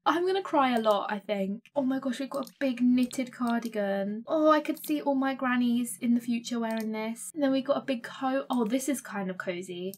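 A young woman gives casual, excitable commentary while playing a life-sim game, gasping and gushing as she goes. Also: a little high, moderate pace, few pauses. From England. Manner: gushing, excitable, gasps often. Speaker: gaming streamer.

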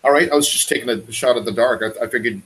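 A man's voice: medium pitch, fast, a bit bright, poor audio. A man hosting a casual podcast, joking and teasing his co-hosts. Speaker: podcast host. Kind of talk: casual chat.

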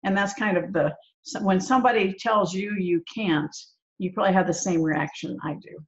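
A woman's voice: lowish voice, normal speed. A woman hosting a podcast, jumping in with reflective, chatty asides. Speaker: podcast host. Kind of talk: conversational interview. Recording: dull lo-fi sound.

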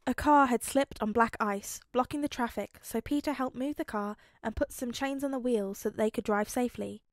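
A woman narrating a fan fiction audiobook with clear, steady storytelling. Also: fairly high pitch, normal speed, dry recording, studio quality. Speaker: podfic reader.

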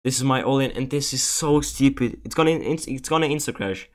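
A man's voice: medium pitch, fairly quick. Agitated young man, swearing gameplay commentary. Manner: agitated, swearing, pleading repetitively. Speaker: gaming streamer. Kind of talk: casual commentary over gameplay.

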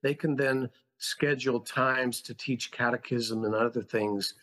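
A man's voice: medium pitch, steady tone, a little slow, fairly bright tone. Earnest, passionate man telling his story. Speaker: podcast guest, school founder. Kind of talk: conversational storytelling.

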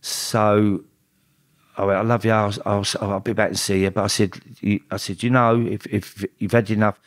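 Low-voiced middle-aged man, halting. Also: flat delivery, no room sound, clean studio sound. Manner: halting, full of restarts and repeated words. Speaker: guest. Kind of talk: emotional personal storytelling.

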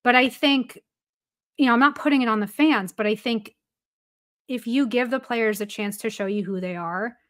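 Sports reporter lady chatting on a podcast, bit high voice, tons of "like"s, laughing as she goes. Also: normal speed, fairly bright tone. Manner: chatty, lots of "like" fillers, laughing while telling a story. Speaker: baseball reporter, guest. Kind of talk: casual storytelling in a podcast interview.

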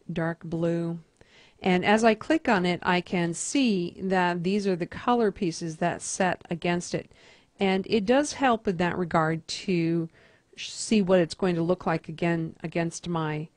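Woman, teacher, lowish voice, step-by-step screen tutorial, dry close sound. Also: dry recording. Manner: methodical, step-by-step instruction.

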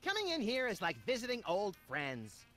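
A man's voice: high-pitched, huge pitch swings, moderate pace, a bit bright, faint music behind, exaggerated voice. A man voicing a hyperactive, gleeful cartoon rabbit with off-kilter remarks.

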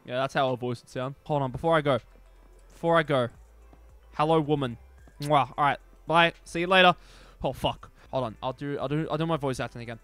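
A young man streaming a video game, commenting with profane jokes and sudden yelling bursts. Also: mid-range voice, a little fast, no echo. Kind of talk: gameplay commentary. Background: faint game music.

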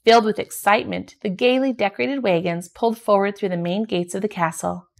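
Gravelly-voiced woman reading a storybook. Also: medium pitch, fairly quick. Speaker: storybook reader. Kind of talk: reading a children's picture book aloud.

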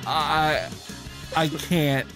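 A man's voice: fairly high pitch, level tone, very slow, a bit bright, soft background music. A man co-hosting a podcast in casual chat, tipsy, laughing and swearing as he rambles. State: tipsy from cocktails. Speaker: podcast co-host.

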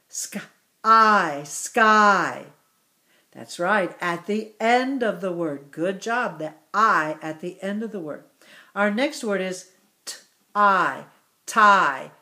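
A middle-aged woman teacher leading a phonics drill for children, repeating each word slowly and encouraging them. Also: mid-range voice, pushed and bright. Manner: slow, encouraging, exaggerated word repetition.

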